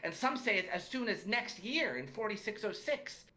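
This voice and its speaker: A man's voice: sits high, animated, bright, forceful tone, pitched above the performer's own voice. A man doing a studious young elf girl. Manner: slow, careful, studious. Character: earnest young elf schoolgirl.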